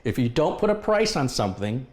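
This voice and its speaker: Fairly quick and full of big pitch swings, this man's mid-range voice belongs to a middle-aged owner of a computer repair business. Speaking frankly to camera, he vents his frustration about a customer and reenacts their past exchanges.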